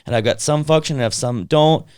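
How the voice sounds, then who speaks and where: A young man telling a story on a podcast, slipping into quick impressions of the people in it and swearing now and then. His voice sits a little high. It's recorded close and dry, with no room sound. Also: a little mellow, smooth, no echo. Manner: swears casually, lots of fillers. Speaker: podcast co-host. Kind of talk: casual storytelling chat.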